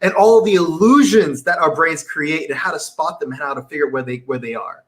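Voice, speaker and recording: A man's voice: fairly high pitch, a little fast, a crowd in the background. A young man chatting as a guest in an interview, talking eagerly and rambling a little, laughing easily. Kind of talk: casual interview chat.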